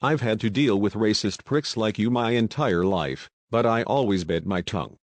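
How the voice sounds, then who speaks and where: A man voicing a calm, menacing army sergeant who speaks with quiet, controlled threat in an audiobook. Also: lowish voice, moderate pace, no room sound.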